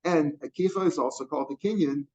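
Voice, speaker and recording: A man's voice: fairly high pitch, quick pace, darkish tone. A man teaching a Talmud page line by line, explaining Hebrew and Aramaic terms with a lot of repetition and rephrasing. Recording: dull lo-fi recording.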